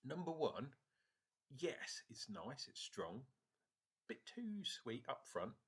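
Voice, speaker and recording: A man's voice: mid-range voice, wildly swooping pitch, slow, slightly rough. A man with a northern English accent, rambling casually through a beer review vlog and swearing now and then.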